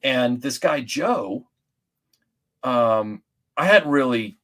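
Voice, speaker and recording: A middle-aged guest from Atlanta, mid-range in voice, talks extremely slowly while telling stories in a casual chat. He's animated yet rambling, restarting often and leaning on fillers.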